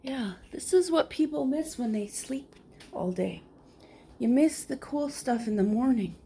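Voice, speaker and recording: A woman's voice: high-pitched, expressive, a little slow, creaky, warm tone, slight background noise. A woman talking casually in a rambling, easygoing morning vlog at home by a window. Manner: rambling, easygoing, drifts into whispers. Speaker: vlogger.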